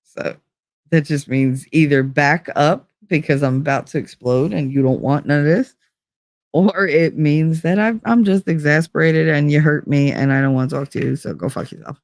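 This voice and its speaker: A woman's voice: deep voice, normal speed, a little mellow, dry recording, studio quality. A woman live streamer in casual chat, rambling from one story to the next, giggling and swearing freely.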